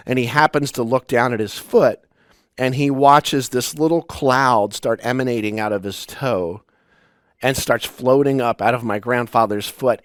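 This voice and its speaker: A man's voice: mid-range voice, no echo, studio quality. Reflective man telling personal stories. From United States. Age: 40s. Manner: personal, storytelling with pauses and restarts. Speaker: spiritual teacher. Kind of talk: reflective spiritual talk.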